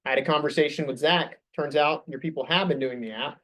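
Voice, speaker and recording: A man's voice: fairly high pitch, fast, bright, forceful tone. A young man leading a sales staff meeting, coaching the group with upbeat questions.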